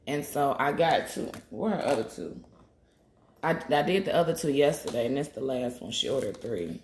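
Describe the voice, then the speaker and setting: A woman's voice: extremely low pitch, lively intonation, moderate pace, darkish tone, slight background noise. A woman hosting a casual livestream while she makes healing waist beads. She talks in a blunt, profane, chatty way and reads out comments from viewers. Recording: roomy echo.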